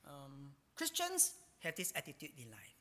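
A man pastor preaching a sermon, his bright, forceful voice swinging up and down with plenty of life. He keeps tagging phrases with a drawn-out "ah". The sound has the long reverb of a church hall. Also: on the high side. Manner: animated, ends phrases with a drawn-out "ah".

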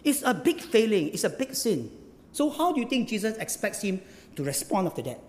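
A male pastor preaches with emphasis, repeating his phrases and pressing the congregation with questions. His voice sits high and swings widely in pitch. It rings with the long reverb of a church hall. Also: very animated, brisk. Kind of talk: sermon.

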